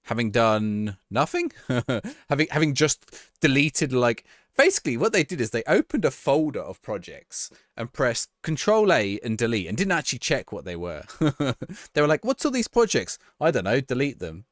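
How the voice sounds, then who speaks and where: A man's voice: mid-range voice, very animated, moderate pace, fairly bright tone, dry recording, studio quality. A man chatting casually to his viewers on a live stream, laughing and reacting to a match as he talks. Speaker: livestreamer.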